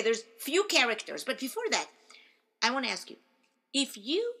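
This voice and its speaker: Bright-voiced, chatty woman teacher. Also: on the high side. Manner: chatty, animated, asks listeners to repeat words. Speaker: Torah teacher. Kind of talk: casual spoken lesson to an audience.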